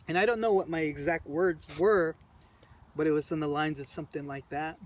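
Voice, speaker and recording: A man's voice: fairly high pitch, steady tone. Emotional man telling his story, heard from a distance. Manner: earnest, halting, repeats phrases while recounting. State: emotional, choked up. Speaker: protester recounting events. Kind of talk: personal storytelling to camera. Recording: distant mic with faint background noise.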